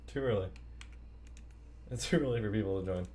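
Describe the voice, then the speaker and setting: A man's voice: fairly low pitch, a little fast, a little mellow. A man streaming a video game, chatting playfully and answering his viewers' chat as he plays. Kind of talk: casual live-stream chat.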